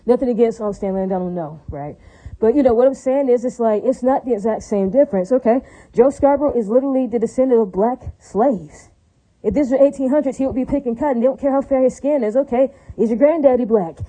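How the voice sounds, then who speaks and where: A woman rants at high speed in a long, rambling monologue. Her voice is very dark and mellow but sits a little high. She swears freely, repeats herself, and keeps tagging lines with "right?" and "all right, now". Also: rough recording. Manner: rapid, heated, profane, with constant "right?" and "all right, now" tags; asks the listener questions and repeats itself.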